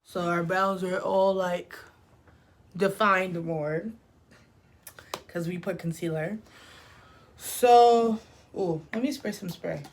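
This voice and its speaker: A woman's voice: lowish voice, steady tone, takes it slowly, long pauses, a little hiss or hum. A young woman chatting casually through a storytime while doing her makeup, full of "like" and "literally". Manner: chatty, filler-heavy with frequent "like" and "literally". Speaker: beauty vlogger.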